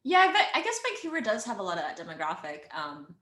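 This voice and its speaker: A woman's voice: medium pitch, wildly swooping pitch, quick pace, a bit bright, reverberant. A woman guest on a call, chatting casually and laughing easily with a lot of likes and ums. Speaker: actress and filmmaker guest. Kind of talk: casual interview chat.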